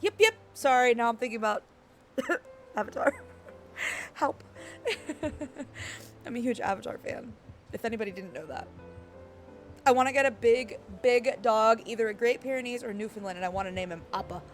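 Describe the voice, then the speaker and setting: Bubbly streamer woman with a croaky voice. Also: on the high side, moderate pace, pauses often. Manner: bubbly, rambling, reads chat aloud. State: croaky, worn-out voice. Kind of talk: casual chat with live chat. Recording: faint music underneath.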